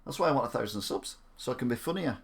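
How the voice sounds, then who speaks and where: A man's voice: medium pitch, expressive, racing, creaky. A man chatting casually on a gaming live stream. He jokes around, mocks himself and rambles. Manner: jokey, self-mocking, rambling.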